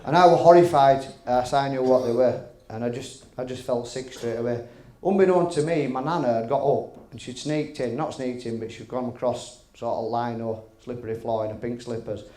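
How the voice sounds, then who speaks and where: A cheeky man telling after-dinner stand-up stories at a dinner, swearing freely and checking in with "right?" as he goes. His voice sits in a middle pitch, and he is miked in a function room with plenty of echo. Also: moderate pace, hardly any pauses, mellow. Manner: chatty, cheeky, swearing, frequent "right?" asides. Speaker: comedian and MC.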